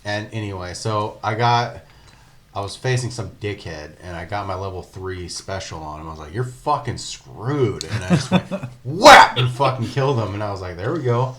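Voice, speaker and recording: Deep-voiced rambling male podcaster. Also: fairly quick. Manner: rambling, filler-heavy, laughs often. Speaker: podcast co-host. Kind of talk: casual gaming podcast chat.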